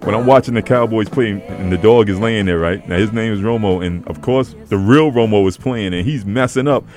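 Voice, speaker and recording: A man hosting a radio show in casual chat, an animated storyteller who acts out voices in his anecdotes. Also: on the low side, a little fast, faint music behind.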